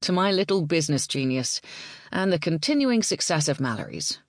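A woman's voice: low-pitched, big pitch swings, moderate pace, dry recording, clean studio sound. A woman voicing a cheerful young man, a designer, with a teasing, easygoing way of talking.

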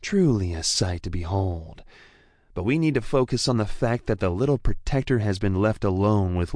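A man doing a deep, bored vampire. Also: a little mellow, no echo, studio quality. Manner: drawling, mocking, profane. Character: male vampire, deep-voiced, bored, sardonic, crude. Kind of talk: audiobook character voice.

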